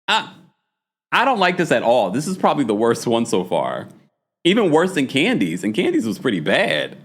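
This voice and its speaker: Animated man recapping reality TV. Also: medium pitch, moderate pace, husky. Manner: animated, laughing, reads chat comments aloud; puts on a dramatic voice to read taglines. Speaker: host.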